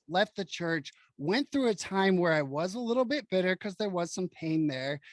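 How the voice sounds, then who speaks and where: A man hosting a podcast who tells stories in an animated, frank and emphatic way. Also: a little high, no echo. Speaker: podcast host. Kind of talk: casual storytelling chat.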